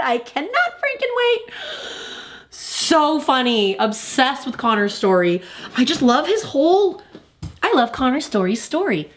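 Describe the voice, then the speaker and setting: A woman hosting a pop culture livestream in casual chat, talking in a gushing, effusive way. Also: mid-range voice.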